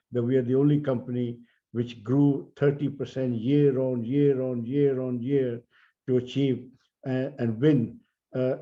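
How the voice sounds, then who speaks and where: An older man with an Indian English accent giving an earnest, measured conference speech, stressing key words. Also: mid-range voice. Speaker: keynote speaker. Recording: dull lo-fi audio.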